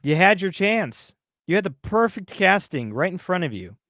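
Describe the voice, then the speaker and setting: A man's voice: high-pitched, big pitch swings, normal speed, a bit bright, no echo, studio quality. A man co-hosting a casual podcast, ranting in a heated, exasperated way. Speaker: podcast co-host.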